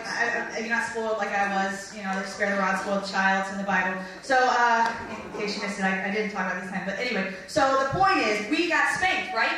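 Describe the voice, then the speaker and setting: High, lively woman comedian in an echoey hall. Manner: chatty, self-mocking, jumps into high squeaky voices for quotes. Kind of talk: stand-up storytelling. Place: stage before a live audience. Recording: distant mic in an echoey hall with faint noise.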